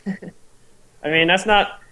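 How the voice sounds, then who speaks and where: A young man from Arizona talking casually as a podcast guest, his voice sitting a little high. He is laid-back and slangy, stumbling and hedging as he talks. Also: lively intonation, extremely slow, bright, forceful tone, poor audio. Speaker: guest racer. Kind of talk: casual chat.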